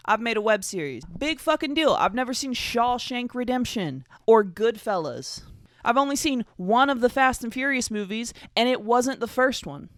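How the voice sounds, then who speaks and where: A twenty-five-year-old podcast host with a trace of a Southern US accent chats alone, wandering from thought to thought. The delivery is jokey and self-mocking, with swearing dropped in casually. The voice is smooth and clear, recorded close in a dry room with no echo. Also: medium pitch, expressive, normal speed. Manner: rambling, jokey and profane, with self-mocking asides. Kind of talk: casual solo podcast chat.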